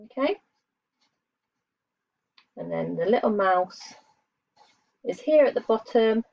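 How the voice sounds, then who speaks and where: A woman's voice: a little high, expressive, slow, vocal fry, dry recording. A woman teaching young children in a patient lesson, asking them questions and praising them while she draws. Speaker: primary school teacher. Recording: dull lo-fi dry sound.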